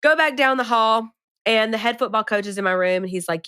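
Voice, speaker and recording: Bright-voiced woman telling a story. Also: fairly high pitch, brisk, clean tone, dry recording, studio quality. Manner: animated, dramatic retelling with rising emphasis. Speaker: podcast co-host. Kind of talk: casual storytelling chat.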